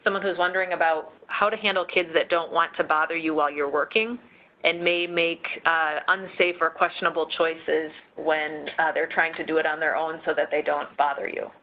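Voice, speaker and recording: A woman moderating an online talk, briskly reading out questions from the chat. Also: low-pitched, fairly even intonation. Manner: brisk, plain, relays questions. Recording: dull video-call audio with faint noise.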